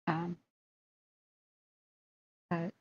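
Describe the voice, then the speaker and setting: A woman's voice: drawn-out words, highs cut off. A woman hosting a livestream in casual chat, rambling and talking to her viewers. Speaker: livestream host.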